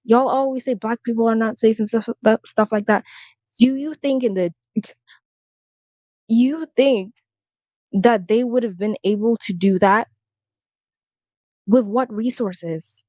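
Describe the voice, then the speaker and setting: A woman's voice: a little high, a little slow, pauses often, a little mellow, no room sound, lo-fi sound. A young woman giving a heated, sarcastic commentary rant to the camera, exasperated and blunt. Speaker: commentary vlogger.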